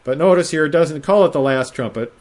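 Male Bible teacher, slightly higher voice, measured explanatory delivery, leans on key phrases. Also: darkish tone. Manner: measured, explanatory, slows to stress quoted phrases.

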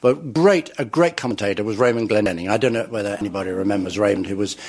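A man's voice: lowish voice, fast, darkish tone, breathy edge. An older man, an entertainer telling chuckling stories about his career and acting out the people in them. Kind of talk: anecdotal storytelling.

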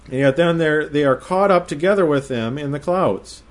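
Male Bible teacher, slightly higher voice, measured explanatory delivery, leans on key phrases. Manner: measured, explanatory, slows to stress quoted phrases.

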